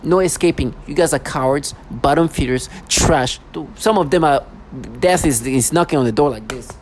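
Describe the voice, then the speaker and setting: A man's voice: a little high, moderate pace, low-quality recording. A man speaking in an emotional, repetitive rant, recorded outdoors on a city street. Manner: emotional, repetitive, mocks others in put-on voices. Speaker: vlogger. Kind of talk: agitated personal rant. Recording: faint street noise, vehicles.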